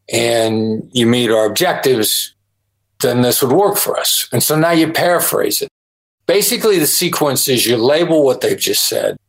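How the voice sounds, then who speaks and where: A man's voice: medium pitch, poor audio. A middle-aged man, a guest on a podcast interview, explaining his ideas emphatically and acting out example phrases. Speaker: negotiation expert guest.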